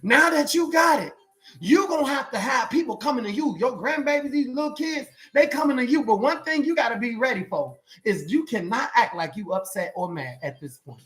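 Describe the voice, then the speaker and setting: Lively exhorting male preacher. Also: very high-pitched, brisk, soft background music. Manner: exhorting, call-and-response, colloquial. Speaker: life coach preacher. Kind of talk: motivational preaching.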